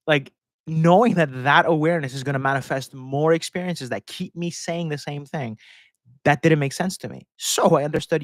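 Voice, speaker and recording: A man's voice: a little high, normal speed, dry recording. A man hosting a casual live-stream question and answer session, talking in a rambling, chatty way and laughing often mid-sentence into a close microphone. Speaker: host answering viewer questions. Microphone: close desk microphone.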